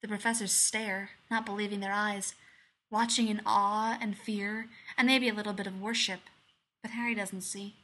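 A woman reading fan fiction aloud in a soft, measured storytelling voice. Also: mid-range voice, flat delivery. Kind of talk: scripted narration.

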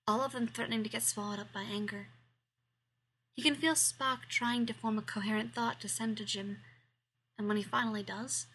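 A woman reading fan fiction aloud, expressive and sometimes dropping to a whisper. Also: on the high side, husky, rough recording. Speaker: fiction reader.

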